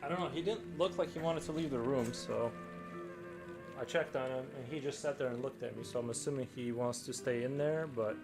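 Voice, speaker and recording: A man's voice: medium pitch, brisk, over music. Man with a Belarusian accent, rambling. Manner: relaxed, rambling, trailing off. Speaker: live-streaming artist. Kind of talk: casual chat while drawing on stream.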